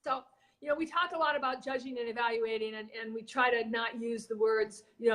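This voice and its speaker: A woman's voice: a little high, animated, quick pace, a bit bright. A woman co-hosting a casual live video chat on marketing, rambling with fillers and restarts. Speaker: marketing coach and co-host.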